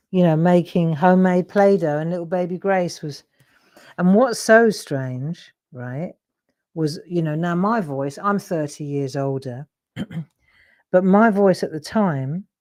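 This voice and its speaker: A middle-aged woman with a fairly low pitch and dark tone hosts a live drawing demonstration. As the craft demonstrator, she chats casually while she draws, rambling and interrupting herself.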